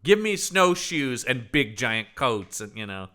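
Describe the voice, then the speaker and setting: A man from the Pacific Northwest co-hosts a casual movie podcast in a bright, forceful voice. His pitch swings widely as he jokes. He speaks in animated bursts. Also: a little slow. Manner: animated, jokey, lots of fillers and laughs. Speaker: podcast co-host. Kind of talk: casual film-review chat.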